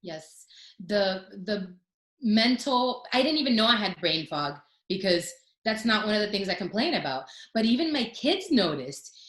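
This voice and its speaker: A woman's voice: mid-range voice, moderate pace, echoey room, low-quality recording. A woman in her forties, a guest telling personal stories in casual chat and acting out quotes. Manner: animated storytelling, acts out quotes.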